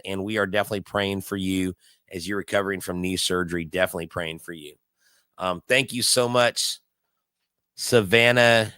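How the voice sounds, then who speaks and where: A man's voice: mid-range voice, sharp tone, clean tone, no room sound. A middle-aged man, hosting a casual live watch-along stream and telling stories in a chatty way, with fillers and restarts. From Houston, Texas. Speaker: livestream host.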